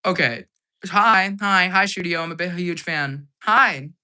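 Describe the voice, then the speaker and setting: Man, live stream host, casual Q&A, hyper, laughs a lot, slightly hoarse, bright voice. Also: sits high, a little slow.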